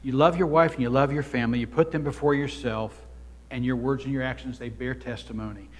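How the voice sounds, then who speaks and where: A man delivers an earnest sermon at a middle pitch, pressing his points and rising in volume for emphasis. His voice carries a long reverb tail, as if filling a church sanctuary. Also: steady tone, a little fast. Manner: earnest, exhorting, swells louder for emphasis. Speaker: pastor.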